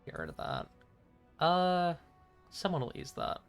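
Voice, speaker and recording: A man's voice: high-pitched, big pitch swings, measured pace, gravelly, smooth, faint music behind. A young man streaming a game, chatting casually in a rambling, hesitant way with frequent chuckles. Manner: rambling, hesitant, lots of fillers and restarts, chuckling. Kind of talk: casual chat while playing a game.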